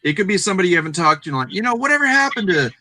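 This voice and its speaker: A man's voice: high voice, very animated, very fast, pushed and bright, a little hiss or hum. A man chatting earnestly on a live stream, rambling with many fillers. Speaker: guest reseller. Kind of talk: casual live-stream chat.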